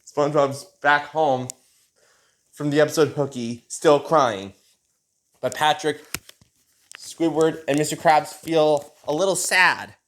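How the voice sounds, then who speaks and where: A man's voice: a little high, slow pace, long pauses, a bit bright. A young man narrating a rambling, repetitive fan-made story and reading out every character's lines himself. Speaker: narrator voicing all characters.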